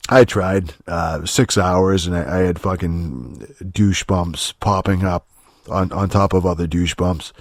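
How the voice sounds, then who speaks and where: A man's voice: deep voice, no echo, studio quality. A man hosting a podcast, rambling and profane in a casual solo rant, with sarcastic asides and many restarts and filler words. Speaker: podcast host.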